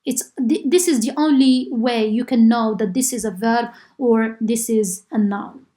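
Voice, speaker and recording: A woman from Morocco, an Arabic native speaker, teaches a university linguistics class. Her voice sits a little high, and she explains step by step, filling gaps with "uh" and checking understanding with "okay?". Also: a little slow, warm tone. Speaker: linguistics lecturer. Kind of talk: university lecture.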